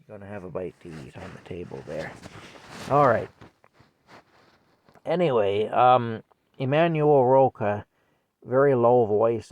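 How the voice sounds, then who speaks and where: Older man, gravelly voice, rambling storyteller. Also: on the low side, dry recording. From Canada. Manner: rambling, chuckling, self-interrupting. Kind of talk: casual storytelling vlog. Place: indoors at home with a cat. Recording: dry, dull lo-fi mic.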